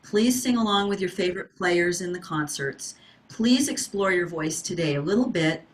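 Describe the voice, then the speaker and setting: A woman's voice: fairly low pitch, animated, moderate pace. A middle-aged woman leads an online singing workshop through a video call. She talks in an encouraging, coaching manner and keeps asking her class to wave and respond. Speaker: voice teacher.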